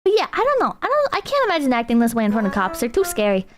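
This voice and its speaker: A woman streamer chatting with her viewers in a casual, animated, mocking way as she reacts to a clip. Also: a little high, very fast, faint music behind. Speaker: streamer host.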